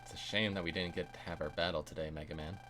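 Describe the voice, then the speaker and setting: A man voicing a calm, smug young male rival from a video game, polite and condescending. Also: low voice, fast talker, a little hiss or hum, voice pushed down.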